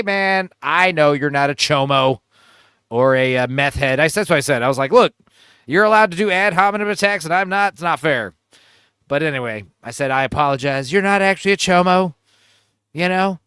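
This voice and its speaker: A man's voice: a little high, sharp tone, clear, resonant tone, dry recording, clean studio sound. A man hosting a livestream, telling crude, rambling stories in casual chat. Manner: crude, rambling, joking storyteller. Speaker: livestream host.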